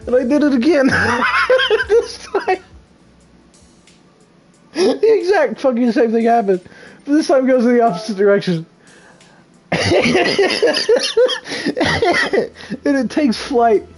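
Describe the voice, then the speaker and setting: A young man streaming games, telling a profane story in a casual, animated way and laughing often. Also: very high voice, a little slow, pauses often, soft background music, rough recording. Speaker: game streamer.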